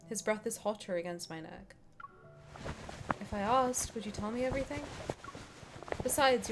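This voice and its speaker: A young woman streaming, reading a game aloud and reacting with excited, swearing banter. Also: medium pitch.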